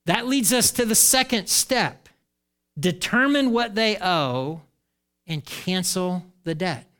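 A middle-aged male pastor preaching a sermon in an animated way, acting out the voices he quotes. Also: high voice, takes it slowly.

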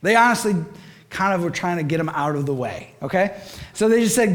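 Lively high-voiced man preaching. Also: measured pace, long pauses. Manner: animated, asks the audience questions, acts out voices in stories. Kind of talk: energetic sermon with stories.

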